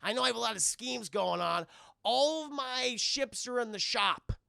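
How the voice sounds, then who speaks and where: A scheming rich man from a cartoon, as a reviewer puts him on. He whines defensively in a high, bright voice. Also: animated, moderate pace, vocal fry, clear, resonant tone, no echo, clean studio sound, heavily acted. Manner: whiny, defensive.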